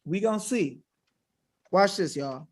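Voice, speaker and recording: A man's voice: high voice, lively intonation, unhurried. A man hosting a webinar in an emphatic, combative, slangy manner, talking casually to his viewers. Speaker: webinar host. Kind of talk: fiery casual livestream talk.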